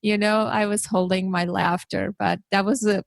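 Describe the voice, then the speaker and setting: A woman hosting a podcast, chatting through her year in a relaxed, storytelling way. She gets animated and jumps her pitch when she quotes people. Her voice sits in a middle range and the sound is dry and close. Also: moderate pace, vocal fry, dry recording. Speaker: podcast host. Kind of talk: casual conversational storytelling.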